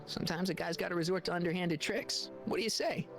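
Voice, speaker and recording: A young actor playing an earnest, scheming teenage time traveler, with game music behind. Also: male voice, high voice, quick pace, creaky, fairly bright tone. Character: quick-witted teenage boy time traveler. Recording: game audio with music bed.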